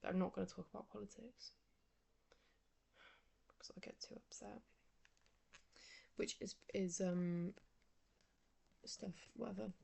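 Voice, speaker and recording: A woman's voice: medium pitch, steady tone, takes it slowly, vocal fry, long pauses, mellow, breathy edge. A young woman, chatting casually in a rambling, sleepy way and often dropping into a whisper. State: sleepy, yawning. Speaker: vlogger. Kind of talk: casual chat.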